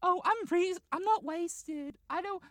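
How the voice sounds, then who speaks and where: A woman voicing a prim, sober young woman at a club in a high, girly sing-song voice. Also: unhurried, a bit bright, no room sound, clean studio sound.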